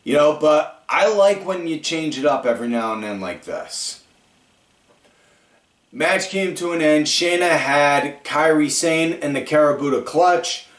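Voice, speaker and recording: A man hosting a podcast, rambling through a casual recap with lots of fillers and animated storytelling. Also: a little high. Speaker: podcast host. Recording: echoey room, far from mic.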